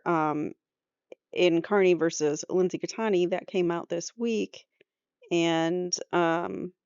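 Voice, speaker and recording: A woman's voice: fairly low pitch, a little mellow, clean tone, no room sound, lo-fi sound. Woman host explaining court clips. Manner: conversational, explains what clips show. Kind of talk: commentary over interview clips.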